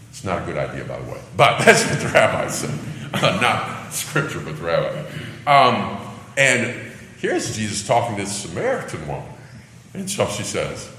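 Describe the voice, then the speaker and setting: A man's voice: lowish voice, big pitch swings, moderate pace, bright, forceful tone, slight background noise. A man teaching through a scripture passage in sermon style, with conversational asides and light laughter. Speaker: Bible teacher. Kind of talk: expository sermon reading and explaining scripture. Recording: echoey hall with faint ambience.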